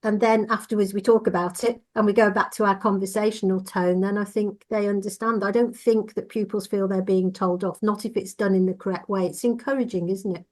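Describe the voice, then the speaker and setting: A woman who trains driving instructors, talking in a measured, reassuring and explanatory way in a casual podcast discussion. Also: medium pitch, steady tone, a little mellow.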